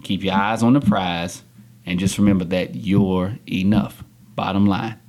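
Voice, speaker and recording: A young adult man, a podcast guest, talking candidly and acting out the people he quotes in a studio interview. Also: a little slow. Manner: animated storyteller, acts out quotes with big pitch jumps.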